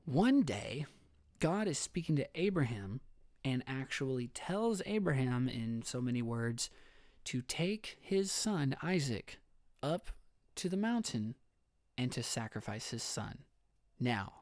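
A man's voice: medium pitch, a little mellow, no room sound. Casual male podcast host, conversational storyteller with frequent laughs, dry close-mic sound. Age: adult father. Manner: chatty, laughs often, restarts sentences. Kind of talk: casual Bible story retelling. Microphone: studio microphone.

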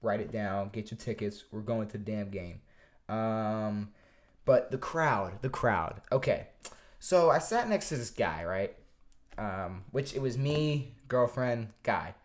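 A man's voice: on the low side, takes it slowly. Swearing, stammering podcast guy telling a story. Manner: profane, animated, stammers and restarts a lot. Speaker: podcast co-host. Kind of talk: casual storytelling chat.

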